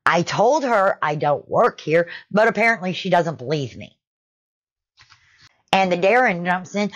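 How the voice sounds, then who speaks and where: Brief: woman storyteller, low-set, very expressive, unhurried. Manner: animated, conversational storytelling. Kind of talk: retail story narration.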